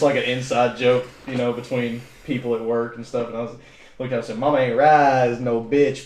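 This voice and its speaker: A man's voice: mid-range voice, a little mellow. Laid-back eighteen-year-old man. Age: young adult. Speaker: podcast co-host. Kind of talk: casual chat. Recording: echoey room.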